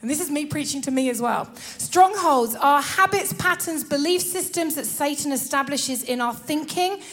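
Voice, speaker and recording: A woman preaching a sermon in a lively way, often laughing and acting out little scenes. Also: high voice, moderate pace, soft background music.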